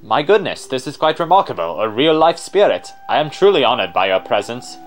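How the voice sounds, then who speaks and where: A man's voice: mid-range voice, big pitch swings, brisk, a little hiss or hum, close to an everyday voice. A man voicing a pompous, long-winded male explorer with a posh British accent and a theatrical manner. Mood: grandiose. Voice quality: theatrical, grandiose. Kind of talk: let's play voice-over.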